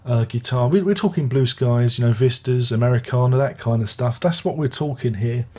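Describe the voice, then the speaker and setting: Brisk and husky, with a darkish tone and medium pitch, an older man from Britain chats about an album. His review rambles, with plenty of restarted sentences and offhand asides.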